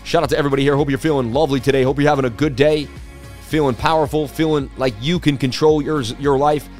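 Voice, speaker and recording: A man's voice: mid-range voice, steady tone, fast talker, a little mellow. Male livestream host, casual and chatty, mid-range voice, faint background music. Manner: chatty, reads viewer comments aloud. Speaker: crypto market livestream host.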